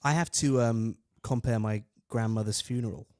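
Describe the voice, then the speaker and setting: A man's voice: medium pitch, moderate pace, darkish tone, no room sound, studio quality. Joking man chatting on a podcast. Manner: joking, banter, drinking. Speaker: podcast co-host, comedian. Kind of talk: casual chat over a live race.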